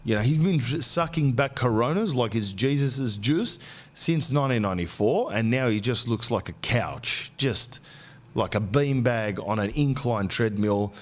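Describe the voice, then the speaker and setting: A man in his forties hosting a podcast, telling comic stories in an animated, slangy rant. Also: mid-range voice, moderate pace. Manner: ranting, animated anecdotes with slang. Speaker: podcast host. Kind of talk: comic storytelling.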